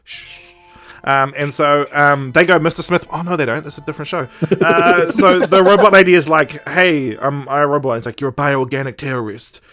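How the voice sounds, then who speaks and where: A man, chatting casually on a podcast. His voice sits a bit high and sounds bright and forceful. He rambles, jokes, and breaks into goofy character voices and sound effects. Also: steady tone, moderate pace, faint music behind. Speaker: podcast co-host. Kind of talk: casual chat.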